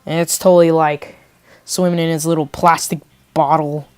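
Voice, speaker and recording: A woman's voice: low voice, flat delivery, normal speed, a little mellow, clear, resonant tone, dry recording. Rambling woman telling a storytime vlog. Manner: rambling, full of "like" and joke asides. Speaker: vlogger.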